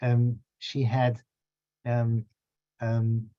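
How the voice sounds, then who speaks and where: A middle-aged rabbi speaks in a mid-pitched voice, teaching an informal class and wandering off into chatty asides full of fillers. The sound is dry and a little dull, recorded from a small back room at home. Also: male voice, completely flat delivery, extremely slow, no room sound.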